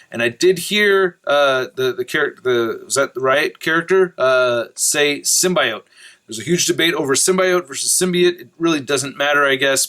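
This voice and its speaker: A man hosting a casual trailer reaction video, rambling with lots of fillers and restarts, an excitable fan whose voice jumps up when he gets enthused. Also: mid-range voice. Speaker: YouTube host reacting to a trailer.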